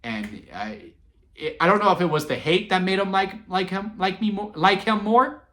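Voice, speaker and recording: A man in his twenties telling wrestling memories in a casual, sentimental vlog, excitable and full of fillers and restarts. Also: sits high, normal speed. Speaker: wrestling vlogger. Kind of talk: casual rambling storytelling.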